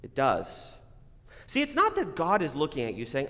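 A man gives a Sunday sermon, his fairly high voice carrying a long echo through a church sanctuary. He is earnest, rising to emphatic statements of faith and then softening into quiet, searching asides. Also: wildly swooping pitch, normal speed. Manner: earnest, rises to emphatic declarations then drops to quiet reflection. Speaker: pastor. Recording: long reverb of a church hall.

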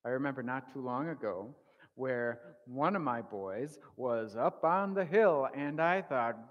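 A man giving a children's sermon as the pastor, telling a lively story and acting out his own shouting. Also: on the high side, unhurried. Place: church sanctuary. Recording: long reverb of a church hall.

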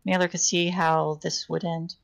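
A woman's voice: fairly low pitch, little pitch movement, normal speed, creaky, low-quality recording. A woman reading a novel aloud live on a stream, unpolished, often stumbling and correcting herself mid-sentence. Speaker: reader.

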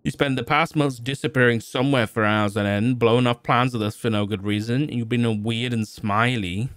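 A man's voice: medium pitch, fairly even intonation, a little fast, fairly bright tone, dry recording, clean studio sound, close to an everyday voice. A blunt, bossy young woman, read by a man. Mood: scoffing. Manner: scoffing and blunt.

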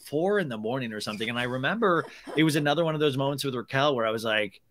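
A man talks as a podcast guest, sharing gossipy stories in a loose, rambling way. His voice is bright and forward, at an ordinary pitch for a man, and he keeps falling back on fillers and restarting his sentences. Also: animated, rapid-fire, a little hiss or hum. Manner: chatty, many fillers and restarts, gossipy storytelling. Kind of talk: casual chat.

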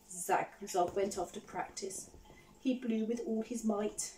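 A woman teacher reading a picture book aloud to children, animated and often stopping to ask them questions. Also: medium pitch, a little slow, far from the mic, rough recording. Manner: animated, asks the listeners questions.

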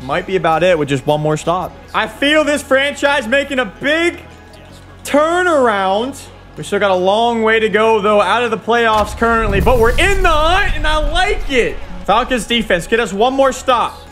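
An excitable young man calls his football game like a hyped fan, his voice cracking as he yells at the big plays. His voice sits high and swings all over the place. Faint game music plays underneath. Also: moderate pace. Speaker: gaming YouTuber. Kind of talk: excited let's-play commentary.

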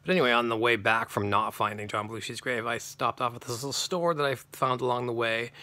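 Gravelly man rambling through a story. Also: mid-range voice, pushed and bright. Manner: rambling, many restarts and self-corrections. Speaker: channel host telling a personal story. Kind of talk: rambling personal anecdote.

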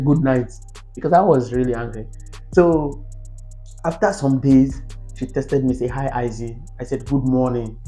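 A man with a Nigerian English accent tells a storytime vlog to camera. He talks in an animated, exasperated way, and his voice jumps up when he exclaims. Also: medium pitch. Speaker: vlogger.

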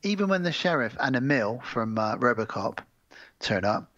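A man's voice: medium pitch, sing-song, a bit bright, dry recording, muffled recording. A man co-hosting a podcast, chatting casually about films with jokes and swearing. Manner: jokey, swears, acts out film scenes in quick voices. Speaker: podcast co-host.

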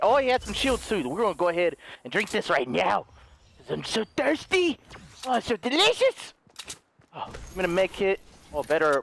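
A man commentating his own video game play, jokey and excitable, dropping to hushed mutters and then bursting into loud yells. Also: sits high, slight background noise. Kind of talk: live gameplay commentary.

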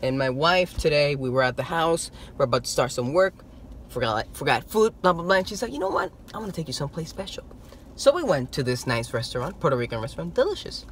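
Excitable man telling a story. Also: on the high side, a little fast, slight background noise. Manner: excitable, animated, stammering. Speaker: toy-hunting vlogger. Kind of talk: casual vlog storytelling.

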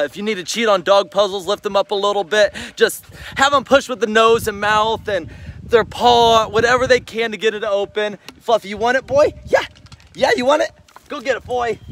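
A man's voice: extremely high pitch, pushed and bright. A man demonstrating dog toys in a casual vlog, explaining in a cheerful way and giving short commands to his dog. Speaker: dog owner and vlogger.

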